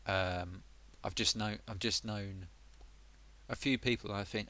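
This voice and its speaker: A man's voice: on the low side, steady tone, slow, pauses often, pushed and bright. A man chatting on a live stream who is a bit under the weather, rambling and muttering to himself as he gets sidetracked. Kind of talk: casual live stream chat.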